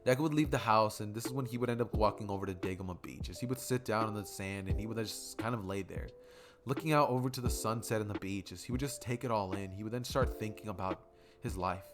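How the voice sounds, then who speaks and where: A man's voice: fairly low pitch, quick pace. A man narrating a fan story in a casual, rambling way, with frequent fillers. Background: music.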